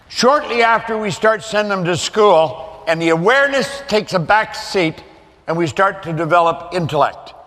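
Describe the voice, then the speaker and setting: An older man speaks to a seminar audience with a fairly high voice, driving his points home through repetition. The sound rings with a long hall reverb. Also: bright, forceful tone. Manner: emphatic, repeats points for effect. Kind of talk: motivational seminar talk.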